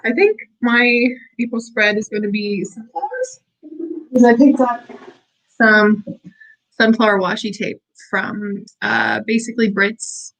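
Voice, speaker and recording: A woman hosting a work-along stream from her desk at home, chatting casually and cheerfully to viewers with little squeals of excitement. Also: on the high side, a little slow, rough recording.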